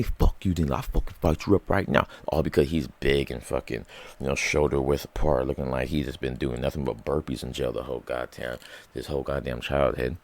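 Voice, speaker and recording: A man's voice: extremely low pitch, normal speed, vocal fry, a little mellow, no room sound. A man hosting his own podcast, telling a rambling, profane story alone in a small room into a microphone. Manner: rambling, profane, full of likes and quoted reactions. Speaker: podcast host. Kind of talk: casual storytelling rant. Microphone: studio microphone.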